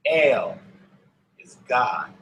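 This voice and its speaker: A man's voice: medium pitch, sing-song, extremely slow, a bit bright, roomy sound, lo-fi sound. A man teaching a language lesson to an online class, speaking patiently and repeating each word for his students. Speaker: Hebrew teacher. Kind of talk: slow classroom instruction.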